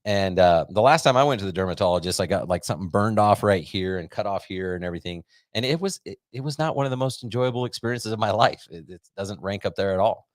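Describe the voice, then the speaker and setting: Talking fast with hardly any pauses, a middle-aged man from the United States hosts a podcast, riffing cheerfully and casually before a live crowd with lots of filler words. His low voice has lively intonation, captured in studio quality with no room sound.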